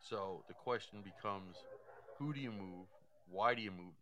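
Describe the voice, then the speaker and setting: A man's voice: low-pitched, normal speed, a bit bright, slight background noise. A man giving casual hockey analysis, thinking aloud and often repeating words as he goes. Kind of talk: casual sports talk.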